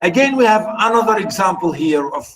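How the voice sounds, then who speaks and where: A man's voice: high voice, lively intonation, brisk, poor audio. A man lecturing on a play, reading passages aloud and explaining them patiently with frequent "you know". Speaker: literature lecturer.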